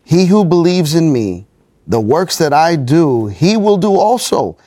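A man with a slightly high voice reads scripture aloud at an even pace. The sound is close and dry, with no room around it. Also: a little slow, no room sound. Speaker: study group member.

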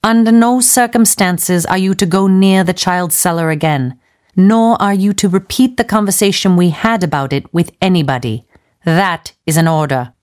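A woman's voice: on the low side, moderate pace, darkish tone, natural voice. A woman voicing a stern, powerful male official who speaks with great emphasis.

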